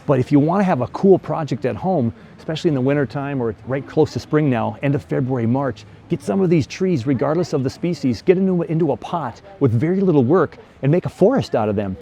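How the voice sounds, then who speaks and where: A man's voice: on the high side, animated, fairly quick, creaky, few pauses, dark tone, a little hiss or hum. A middle-aged man hosting a casual walk-and-talk vlog, chatty and enthusiastic, full of exclamations, filming as he walks through a greenhouse. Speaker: bonsai vlogger host. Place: indoor greenhouse at a plant nursery.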